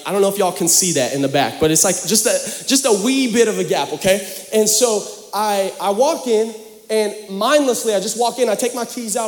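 A young man preaching a sermon in a church, telling a joking, animated story to the congregation. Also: sits high, big-room sound. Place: church hall.

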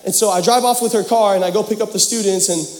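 Preaching fast in a voice that's high for a man, a young man tells stories with animated, joking energy. His sermon echoes with long reverb through a big church hall.

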